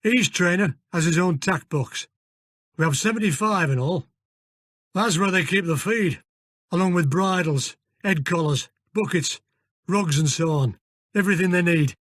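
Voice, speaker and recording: A man voicing a gruff, defensive stables manager with a northern English accent, talking bluntly. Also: high voice, unhurried, fairly bright tone, dry recording, studio quality, voice pushed up. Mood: matter-of-fact. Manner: blunt, curt.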